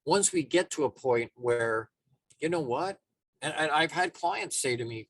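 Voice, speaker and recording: A man's voice: fairly high pitch, expressive, unhurried, a bit bright. A man giving a motivational talk as a life coach, casual and emphatic, often restarting his sentences.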